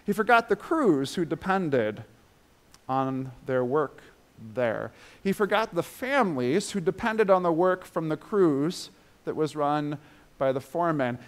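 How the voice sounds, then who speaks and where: A man's voice: animated, a little slow. A man preaching a sermon with emphatic swells and drops in his voice, then leading the listeners through a guided breathing exercise. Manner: emphatic, rising and falling in pitch and loudness.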